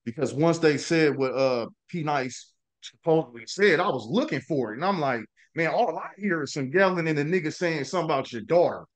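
A male host leading a casual interview, with a voice a little higher than most men's. He asks his questions in an easygoing, measured way. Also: lively intonation.

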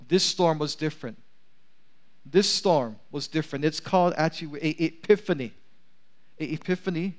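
A man's voice: on the high side, moderate pace, long pauses. A man preaching a sermon in a large church, calling for amens from the congregation and reading scripture aloud. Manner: preaching with rising intensity, asks for amens. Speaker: pastor.

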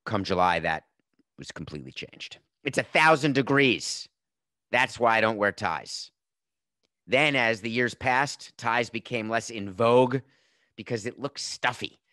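A man in his fifties hosts a sports podcast in a fairly low, bright, forceful voice, speaking unhurriedly. His opinionated commentary leans on emphatic, sarcastic rhetorical questions, recorded with studio quality and no echo.

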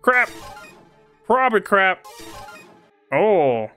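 A woman commentating her gameplay casually, excitable, swearing and trash-talking enemies. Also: mid-range voice, very slow, faint music behind. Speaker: gaming streamer.

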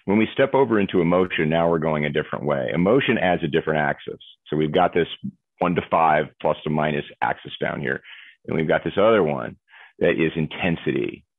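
A deep-voiced man with a husky edge explains technology as an interview guest, acting out little examples as he goes. The sound is tinny and phone-like, with a dry, close feel. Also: a little fast, no room sound.

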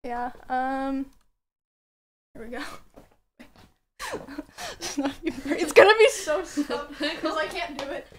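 A woman's voice: high-pitched, animated, takes it slowly, pauses often, crowd noise. A woman chatting hesitantly on stream and trailing off. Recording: noisy background with clicks.

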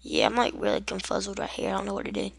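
A woman talking casually over her game, wandering between jokes and screen text she reads aloud. Her pitch sits mid-range, neither high nor low. The sound is dry and close, with no room ring. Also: racing, gravelly, breathy edge, dry recording. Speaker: gaming video creator. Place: indoors at home.

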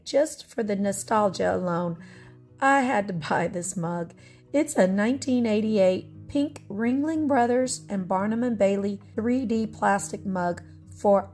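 Narrating her thrift haul casually, a middle-aged woman sounds friendly and nostalgic, laughing a good deal. Her voice is medium in pitch and a little mellow.

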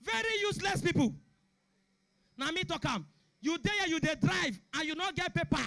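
A young man with a Nigerian Pidgin accent doing a stand-up comedy routine, shouting punchlines and acting out characters. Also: extremely high pitch, expressive, moderate pace, creaky. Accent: Nigerian Pidgin English.

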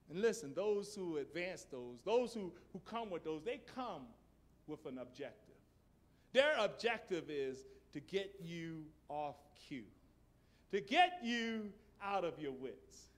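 Pastor guy preaching, tells stories, gets loud and punchy, voice jumps all over the place. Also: a little high, sing-song, slow pace. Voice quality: emphatic, storytelling, bursts into shouts. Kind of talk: sermon. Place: church service.

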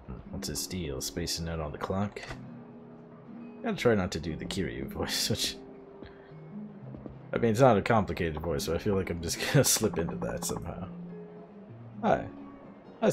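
A man's voice: low voice, expressive, normal speed, gravelly, pauses often. A man streaming a game, wry and amused, commenting and reading the characters' lines aloud. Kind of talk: let's play commentary with dialogue read aloud. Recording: game music underneath.

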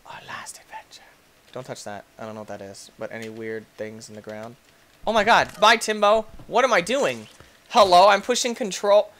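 A young man giving excitable let's-play commentary as a gaming YouTuber, yelping and shrieking when things go wrong. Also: a little high. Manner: excitable, yelps and shrieks at in-game deaths.

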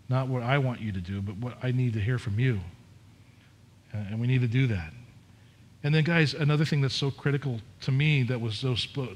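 A man's voice: medium pitch, husky. Conversational middle-aged male pastor preaching. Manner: candid, conversational preaching with repetitions and restarts. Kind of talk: sermon.

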